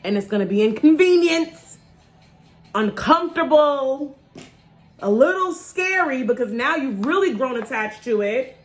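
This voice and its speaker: A woman in her thirties chats straight to camera in a casual vlog, joking through her nerves before a dental procedure. Her voice sits a little high, and she keeps the talk loose and personal, swinging between wry jokes and pep talk. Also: unhurried. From New York. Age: 30s. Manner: chatty and joking, lively swings in pitch. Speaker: vlogger.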